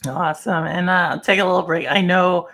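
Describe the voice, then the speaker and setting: An upbeat man from Texas hosts a livestream chat with a bright, sharp tone. He jokes easily and talks to the viewers in his chat between questions. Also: high voice, steady tone, normal speed, vocal fry. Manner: upbeat, joking, shouts out the chat. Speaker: podcast host.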